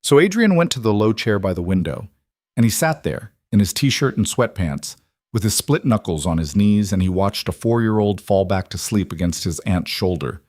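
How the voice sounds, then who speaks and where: A man narrating a scripted story in a measured, even delivery. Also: fairly low pitch, no room sound, clean studio sound.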